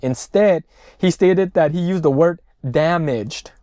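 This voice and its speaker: A man's voice: fairly high pitch, takes it slowly, mellow, no room sound, studio quality. A man giving profane, ranting reaction commentary on news clips. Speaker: political commentator.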